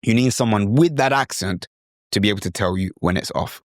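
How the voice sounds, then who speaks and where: A British man hosting an instructional podcast, talking in a lively, demonstrative way and sometimes slipping into mimicked accents. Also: on the low side, fairly quick, no room sound, studio quality. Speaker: podcast host.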